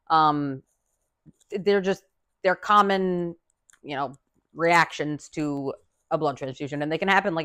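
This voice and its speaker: A woman's voice: mid-range voice, a bit bright. A woman hosting a podcast who tells a personal story in a casual, profane, laughing way. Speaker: podcast host.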